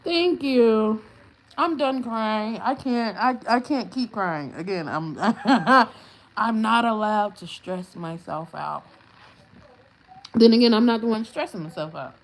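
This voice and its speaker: Brash, profane woman livestreaming slowly. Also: a little high, animated. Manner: brash, profane clapbacks at chat trolls; laughs often while talking. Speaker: livestream host. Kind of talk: casual livestream chat.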